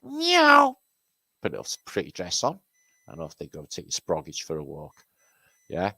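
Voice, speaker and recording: A man's voice: a bass voice, fairly quick, vocal fry, husky, no echo, rough recording. A man from Britain hosting, giving rambling, sarcastic and profane commentary over pictures. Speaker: host.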